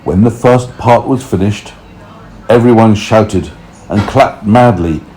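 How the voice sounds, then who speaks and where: A man reading a storybook aloud for toddlers, expressive and unhurried, pausing to explain things. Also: fairly low pitch, poor audio.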